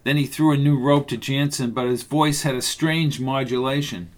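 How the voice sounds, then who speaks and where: A man reading a novel aloud as narrator, in a steady, measured way. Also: medium pitch. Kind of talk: audiobook narration.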